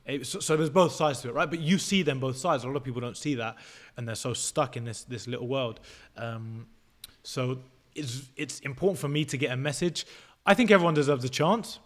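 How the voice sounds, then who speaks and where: A man's voice: medium pitch, brisk, hardly any pauses. Blunt young man explaining his views. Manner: assertive, explains things step by step, swears freely. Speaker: podcast guest. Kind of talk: casual podcast interview.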